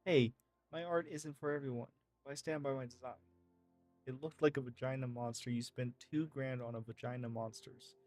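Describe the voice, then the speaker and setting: A man of middle pitch reads out in-game text messages in a loose, casual voice, cursing now and then. The recording is dry and close, with faint music underneath. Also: steady tone, moderate pace, a little mellow, dry recording. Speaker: gaming streamer.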